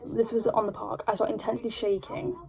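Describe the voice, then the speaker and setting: A young woman with an English accent telling a rambling, animated story at home while doing her makeup, full of "like". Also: on the high side, a little fast, vocal fry, poor audio. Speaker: vlogger. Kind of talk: casual storytime chat.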